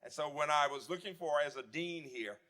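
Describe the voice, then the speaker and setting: A man in his seventies, a former dean, giving a reflective memorial tribute and reminiscing warmly with some restarts. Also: a little high, brisk. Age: 70s. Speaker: eulogy speaker, former dean. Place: memorial service.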